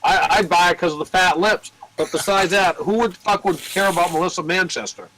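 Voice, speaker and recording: Profane, animated record store guy. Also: high voice, brisk, a little hiss or hum, poor audio. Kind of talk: casual chat, telling store anecdotes.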